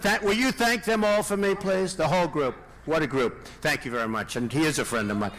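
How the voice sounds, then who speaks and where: A presidential candidate giving a rambling, off-the-cuff rally speech, repeating himself and throwing asides to the crowd. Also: male voice, on the high side, brisk, fairly bright tone. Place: large indoor rally venue.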